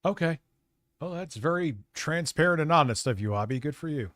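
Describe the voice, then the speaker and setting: A man's voice: on the high side, animated, a little fast, a bit bright, no room sound, studio quality. A man hosting a live stream, commenting on a clip in a sarcastic, crude, casual way. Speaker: streamer host.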